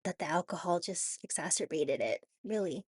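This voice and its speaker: A woman with a raspy voice from a cold, talking haltingly in a personal confessional vlog with many restarts and "you know"s. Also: lowish voice, a little mellow, dry recording, studio quality. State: hoarse from a cold. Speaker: vlogger.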